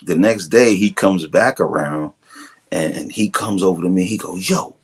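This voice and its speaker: Guesting in a casual interview, a middle-aged drummer born in Brooklyn, New York, spins stories in an unhurried, low voice with his Brooklyn accent. He's a relaxed storyteller who acts out quotes and laughs often, and there's a little hiss or hum on the recording.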